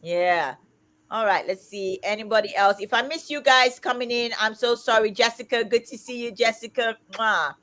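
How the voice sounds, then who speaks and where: Loud outspoken woman in her fifties. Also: on the high side, moderate pace. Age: 50s. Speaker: livestream host. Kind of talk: casual livestream chat.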